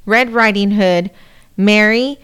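A woman's voice: medium pitch, slow, fairly bright tone, clean tone. A woman in her forties co-hosting a casual chat podcast, rambling and swearing freely, her voice dried up from allergy medicine. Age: 40s. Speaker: podcast co-host.

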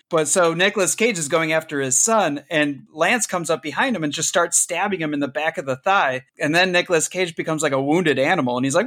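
A man's voice: a little high, a bit bright. A man co-hosting a podcast, talking casually about a film in a rambling way with frequent restarts. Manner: rambling, self-correcting, laughs easily. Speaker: podcast co-host.

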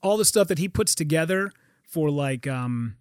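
A man in casual podcast chat, telling stories with lively acted-out quotes and frequent swearing. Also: on the high side, normal speed, clean tone, no echo, clean studio sound. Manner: animated storyteller, acts out quotes, swears. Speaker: guest.

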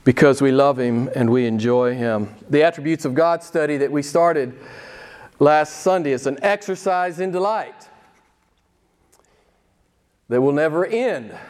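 A man with a high voice delivers a sermon from the pulpit. He preaches emphatically, pausing for effect and pressing the congregation with rhetorical questions. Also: smooth. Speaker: pastor.

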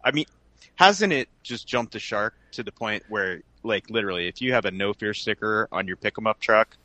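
A male podcast co-host in casual comedic chat, riffing crudely and excitably. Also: lowish voice, normal speed, dry recording.

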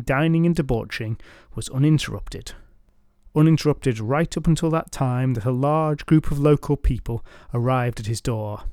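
A man's voice: a little high, darkish tone, dry recording, studio quality. A man narrating a folk tale in a wry, dryly humorous scripted style. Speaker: storyteller.

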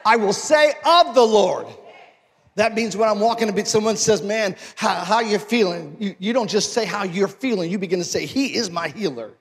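A male pastor preaching a sermon, moving from conversational talk to forceful exhortation. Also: high-pitched, brisk, hardly any pauses, big-room sound, a little hiss or hum.

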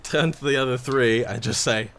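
A man's voice: mid-range voice, normal speed, fairly bright tone. A man playing in a tabletop game, chatting casually and laughing at his own bad luck. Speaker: player. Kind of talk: casual play chat.

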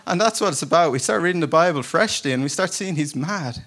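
A pastor delivers a conversational sermon at a church service, telling stories casually, joking at his own expense and laughing often. His voice is a little high and a bit bright, with lively intonation and a fast pace.

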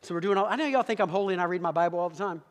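Fast-talking high-voiced man preaching in a hall. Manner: animated, rapid storytelling with asides to the audience. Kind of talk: humorous sermon story. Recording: long hall reverb.

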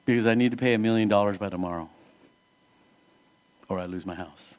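A man's voice: on the low side, a little fast. Earnest conversational male pastor preaching. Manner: swings between emphatic rises and hushed drops. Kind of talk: sermon.

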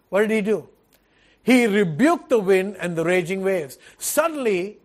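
A pastor, male, gives an earnest sermon in a fairly high voice. His pace is measured and unhurried, and he keeps returning to his points through repeated phrases and rhetorical questions.

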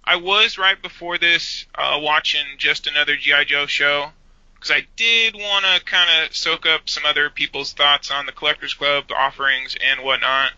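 A man co-hosts a casual podcast with a very bright, sharp voice that sits a little high. He rambles and restarts his sentences often. The recording is dry and dull. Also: fairly even intonation, normal speed, no echo. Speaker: podcast co-host.

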